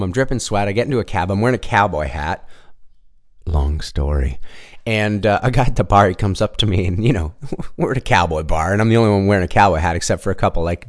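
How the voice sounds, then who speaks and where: A man casually telling a long story on his own show, rambling, restarting sentences and swearing now and then. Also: lowish voice.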